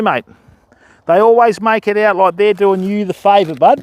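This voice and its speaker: Fishing outdoors on a riverbank, an Australian man from Western Australia chats casually with his livestream viewers, matey and talkative, addressing them by name. His voice sits high, with a darkish tone and a moderate pace.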